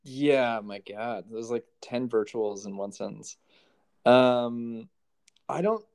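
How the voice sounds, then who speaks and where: A man's voice: lowish voice, a little mellow. A man co-hosting a podcast in casual chat, wry and teasing, often laughing. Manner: wry, sarcastic, laughs easily. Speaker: podcast co-host.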